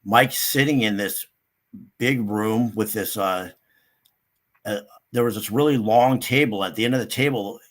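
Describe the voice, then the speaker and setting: An older man, a guest in a casual interview, telling a rambling story and acting out what others said. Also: unhurried. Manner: rambling, acts out quotes with sudden higher pitch.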